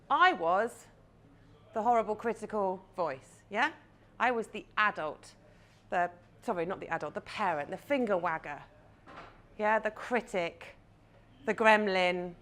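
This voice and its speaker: A woman's voice: mid-range voice, a bit bright. A woman in her thirties, a confidence coach, giving a chatty live talk and guiding listeners through an imagined scene.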